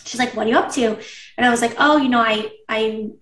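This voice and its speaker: A woman's voice: fairly high pitch, steady tone, fast talker, fairly bright tone, far from the mic. A woman business coach chatting casually in an interview, saying "like" often and acting out her past thoughts. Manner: chatty, says "like" a lot, acts out her own past thoughts. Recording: echoey room, voice a bit off-mic.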